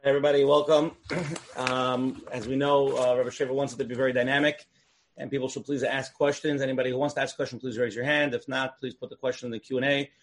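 A man moderates a question-and-answer session over a video call at a quick clip. His pitch sits in the middle, and he talks casually with small fillers. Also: little pitch movement.

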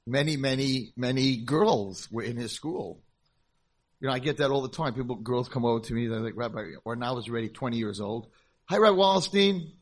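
A middle-aged man, a rabbi, telling stories in a conference talk and acting out the people in them. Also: medium pitch. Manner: animated storyteller, acts out voices. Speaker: rabbi and school founder.

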